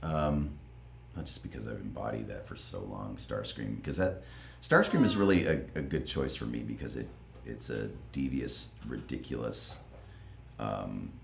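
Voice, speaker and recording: A man with an extremely low, gravelly voice talks through a relaxed interview. His delivery is playful and full of laughter, with pitch that swings widely. The sound is roomy, with a faint hiss of ambient noise behind him. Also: moderate pace. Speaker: voice actor guest. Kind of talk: casual interview chat.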